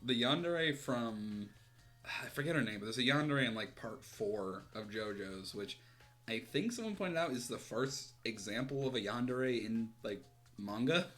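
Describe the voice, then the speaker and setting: A man's voice: medium pitch, lively intonation, moderate pace, fairly bright tone, soft background music. A man streaming a video game, chatting casually and laughing at his own voices between reading the dialogue aloud. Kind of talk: let's-play commentary and voicing game dialogue.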